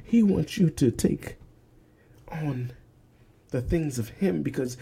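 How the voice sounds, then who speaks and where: A young podcast host preaches emphatically, repeating phrases and dropping to whispers. His fairly high voice is expressive, slow, creaky, warm, and slightly rough.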